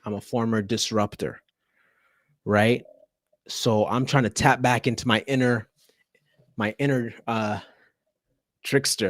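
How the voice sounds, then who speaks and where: Lively man telling a story, dry sound. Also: fairly low pitch, no room sound. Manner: animated, laughing storyteller who slips into acting out the people in his story. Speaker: teacher telling a story on a podcast. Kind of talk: casual storytelling chat.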